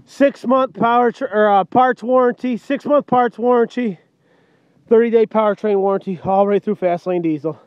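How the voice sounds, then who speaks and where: Out in the cold, a man who sells trucks delivers a playful, hyped-up sales pitch captured on a handheld camera's microphone. He speaks at a moderate pace in a high voice, and the audio is dull with no echo.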